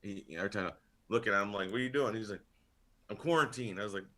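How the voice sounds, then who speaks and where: Casting: man with a low, bright voice for a loose, profane podcast storyteller. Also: fast. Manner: rambling storyteller, swears a lot, laughs often. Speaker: podcast panelist. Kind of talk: casual chat.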